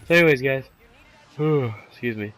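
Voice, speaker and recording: A man provides casual, rambling commentary over his gameplay while sick, his voice rough and full of fillers. He speaks at medium pitch and a moderate pace.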